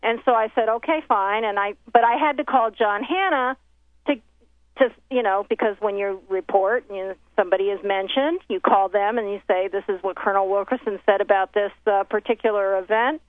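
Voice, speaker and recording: A woman documentary filmmaker speaks briskly in a mid-range voice, recounting a story in casual conversation. She acts out the quoted exchanges and restarts often. The recording is a dry, tinny phone line with no room sound.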